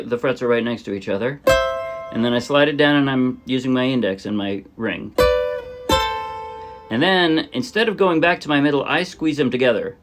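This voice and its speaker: A man of ordinary pitch walks through a ukulele song in a loose, thinking-aloud lesson, correcting himself as he goes. His ukulele rings out loudly under his voice. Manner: relaxed, thinking aloud, with fillers and self-corrections. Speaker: ukulele teacher. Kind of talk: casual step-by-step music lesson.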